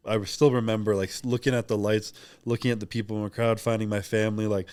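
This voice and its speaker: A man's voice: fairly low pitch, little pitch movement, fast, a little mellow, no room sound. A young man talking openly and reflectively as a podcast guest, rambling with many fillers in casual interview chat.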